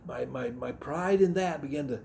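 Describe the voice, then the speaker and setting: A middle-aged man from the Southern United States giving a personal testimony in a sermon, earnest and reflective, often pausing and restarting his sentences. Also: a little high, vocal fry, mellow, slight background noise. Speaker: missionary speaker giving testimony.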